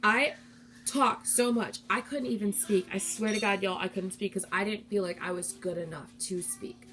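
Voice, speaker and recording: A woman's voice: mid-range voice, fairly even intonation, normal speed, fairly bright tone. Young woman rambling on a live stream, candid and heartfelt, casual chatty talk.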